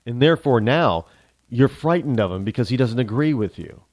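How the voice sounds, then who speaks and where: A man's voice: medium pitch, expressive, moderate pace, a little mellow, no room sound. A man from the United States hosting a talk show, ranting sarcastically in an opinionated monologue.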